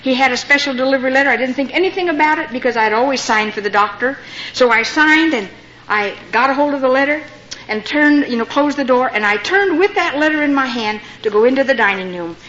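A woman's voice: high voice, brisk, a bit bright. An older American woman, a missionary, telling a dramatic and humorous personal story to a women's gathering. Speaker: missionary speaker. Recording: dull lo-fi recording with faint hiss.

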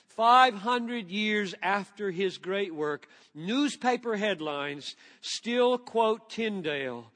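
Slow, high-voiced preacher in a reverberant hall. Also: male voice, fairly bright tone. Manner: earnest, reverent, reads scripture slowly with emphasis. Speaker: pastor. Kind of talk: sermon.

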